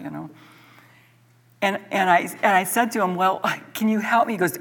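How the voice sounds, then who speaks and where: A woman's voice: mid-range voice, brisk, a bit bright. A middle-aged woman teaching a church Bible study, telling a personal story earnestly and with animation, often repeating words as she goes.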